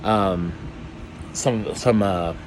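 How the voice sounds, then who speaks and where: A man chatting casually in a vlog, rambling and excitable, with lots of fillers and some swearing. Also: low-pitched, very slow, noisy background. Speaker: YouTuber.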